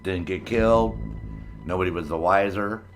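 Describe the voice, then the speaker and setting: Over soft background music, a gameplay streamer talks at a normal speed in a low-pitched voice. His commentary on playing a heist solo is relaxed, rambling, and heavy with swearing.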